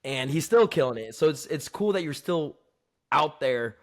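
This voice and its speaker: A man's voice: fairly high pitch, expressive, normal speed. A man talking as a podcast guest in a casual, joking and upbeat chat.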